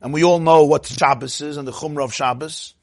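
Man, rabbi giving a Torah class; higher voice, dry close sound, animated and questioning. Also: fairly quick, no room sound. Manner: animated, asks the audience "huh?" and acts out quotes.

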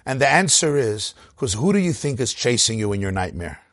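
A man giving a Torah lecture, animated, swinging between loud emphatic bursts and quiet low asides. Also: a little fast, no echo, clean studio sound. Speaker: rabbi teaching a class.

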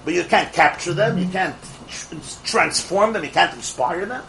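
A man teaching a Torah class to a live group of students, an animated storyteller who fires off rhetorical questions and laughs at his own jokes. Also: high-pitched, moderate pace, vocal fry, a little hiss or hum, poor audio. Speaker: religious teacher.

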